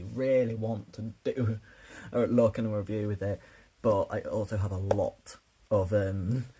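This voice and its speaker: A man's voice: deep voice, a little mellow, slight background noise. A young man, chatting casually and self-mockingly through a makeup tutorial. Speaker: drag performer.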